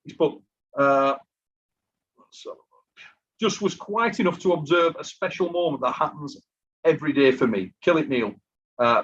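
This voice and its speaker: A husky man hosting a casual live stream, chatty and worn out after going without sleep. He talks easily to viewers and reads out their messages. The audio is muffled and lo-fi. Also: on the high side. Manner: chatty, reads out super chats. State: exhausted from lack of sleep. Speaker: host of an armwrestling live stream.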